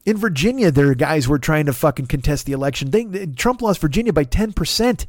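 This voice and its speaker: A man's voice: fairly high pitch, lively intonation, quick pace, darkish tone, no echo, studio quality. A man, a podcasting comedian, delivers an exasperated, profane comedic rant full of stammered restarts.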